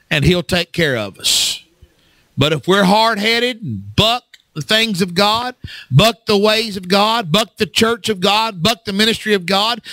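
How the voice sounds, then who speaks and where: A man preaching a fervent sermon as pastor, swinging from low talk up to shouts and calling on the congregation to answer. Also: no echo. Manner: fervent, rises to shouts, call and response.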